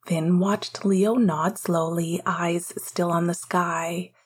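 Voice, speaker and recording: A woman narrating a work of fiction aloud, in a gentle, measured storytelling manner. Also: on the low side, fairly even intonation, breathy edge.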